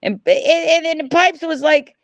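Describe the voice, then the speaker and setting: A woman's voice: very high-pitched, expressive, unhurried, no echo. A middle-aged woman hosting a livestream, ranting at her chat in an angry, profane, repetitive way. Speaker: livestream host.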